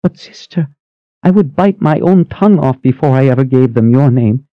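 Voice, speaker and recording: A man's voice: expressive, moderate pace, no room sound, lightly acted. A man doing a nervous, pleading young sister. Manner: pleading, high and breathless. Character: frightened young woman, nervous, eager to please. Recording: slightly muffled dry recording.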